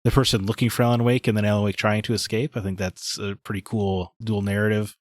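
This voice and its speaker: A man's voice: on the low side, little pitch movement, fast talker, dry recording, studio quality. A man co-hosting a gaming podcast, talking in blunt, opinionated casual chat. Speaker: podcast co-host.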